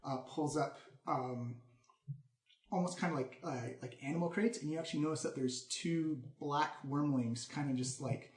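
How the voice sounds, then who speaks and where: A man's voice: fairly high pitch, moderate pace, reverberant. Man narrating as game master. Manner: casual, with fillers.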